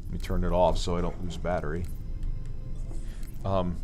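A man's voice: low voice, level tone, moderate pace, warm tone, soft background music. A man hosting a casual livestream, reading super chats and ranting sarcastically with a lot of swearing. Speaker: livestream host.

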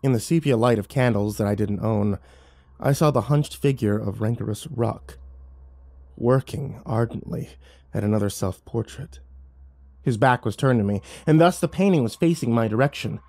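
A man's voice: medium pitch, moderate pace, mellow, dry recording. A man reading horror stories aloud, building tension and turning urgent in the action scenes. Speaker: horror story narrator. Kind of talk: dramatic horror story narration.

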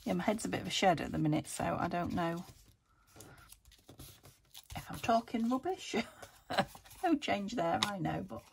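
A woman's voice: lowish voice, lively intonation, moderate pace, vocal fry, long pauses, slight background noise. A woman chatting to herself as she crafts a junk journal, muttering and talking to her materials as she works. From United Kingdom. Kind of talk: casual crafting commentary.

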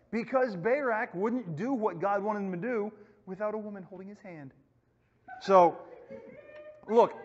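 High-pitched male youth pastor, casual Bible lesson, echoey hall, muffled lo-fi recording. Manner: casual, storytelling, acts out quotes.

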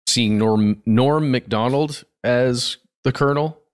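A man co-hosting a podcast, chatting in a relaxed, wry way. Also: medium pitch, slow pace, smooth. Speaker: podcast co-host. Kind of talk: casual podcast discussion.

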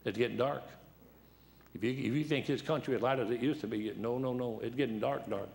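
A seventy-year-old preacher with a gravelly, worn-out voice, preaching in a church. He moves through joke after joke and story after story in a loose, folksy way, at a middle pitch. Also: a little fast, a little mellow. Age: 70s. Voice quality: worn, dried-up voice. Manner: joking, folksy, full of anecdotes. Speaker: guest preacher.

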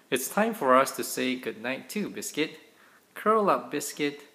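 A father reading a children's picture book aloud to his kids in a gentle, playful, animated way. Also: medium pitch, takes it slowly.

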